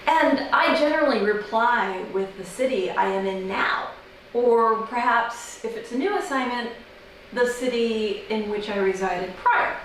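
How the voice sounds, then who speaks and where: An American woman doing an observational comedy monologue, wry and deadpan, with sudden high-pitched incredulous outbursts. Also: unhurried, a little hiss or hum. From United States. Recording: very echoey room, mic at a distance.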